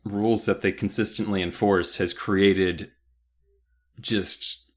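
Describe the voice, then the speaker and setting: A man's voice: low voice, steady tone, takes it slowly. Laid-back man co-hosting a book chat. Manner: easygoing, laughs often, hedging asides. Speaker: podcast co-host. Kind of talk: casual book discussion podcast.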